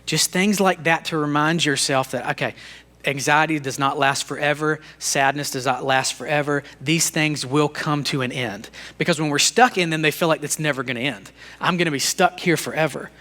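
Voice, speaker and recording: Bright-toned earnest man teaching leadership. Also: a little high, normal speed. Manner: earnest, conversational, self-disclosing; repeats words and restarts sentences. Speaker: podcast co-host. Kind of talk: faith-based leadership teaching.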